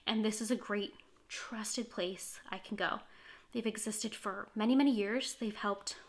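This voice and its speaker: A woman's voice: mid-range voice, fairly even intonation, a little slow. A woman sharing a personal story to camera in a candid, heartfelt way. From California, USA. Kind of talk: earnest first-person testimony to camera.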